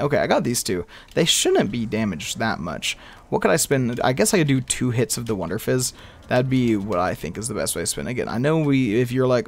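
A young man narrates his own gameplay in a rambling running commentary, talking to himself and bursting out in exasperation. He's a gaming video creator with a gravelly, medium-pitched, sing-song voice that runs a little fast.

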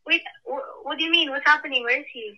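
A woman's voice: high voice, quick pace. A young woman on a phone call, stammering and flustered, with lots of fillers. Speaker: prank call target. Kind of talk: casual phone conversation.

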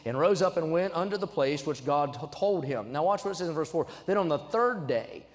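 Young male preacher, fairly high voice, emphatic sermon delivery, reverberant sanctuary. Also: expressive, a little fast. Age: young adult. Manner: emphatic, swings from low asides to loud exhortation. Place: church sanctuary. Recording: church sanctuary with long reverb.

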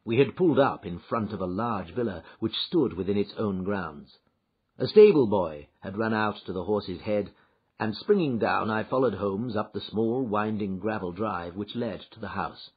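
A man reading a classic story aloud in a measured storytelling manner, as audiobook narrator. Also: lowish voice, animated, husky. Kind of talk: scripted narration. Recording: dull lo-fi recording.

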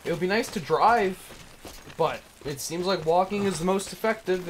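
A man's voice: high-pitched, normal speed, a little hiss or hum, low-quality recording. A man streaming a game, ranting and cursing with mounting irritation as he plays. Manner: swears a lot, irritated and ranting. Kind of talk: frustrated gameplay commentary.

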